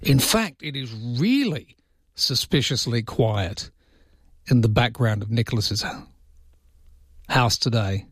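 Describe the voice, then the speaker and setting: A man's voice: medium pitch, animated, takes it slowly, long pauses, husky, no room sound. An Australian man hosting late-night talkback radio, chatty and rambling, with mock-indignant outbursts. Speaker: overnight radio host. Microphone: studio microphone.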